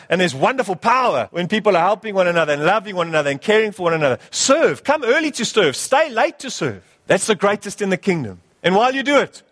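A man's voice: sits high, a bit bright, big-room sound. A male pastor preaching a sermon, urging his church with emphatic, repeated exhortations.

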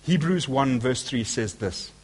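A man's voice: medium pitch, expressive, a little slow, husky. A man preaching a sermon, speaking emphatically and asking his listeners rhetorical questions.

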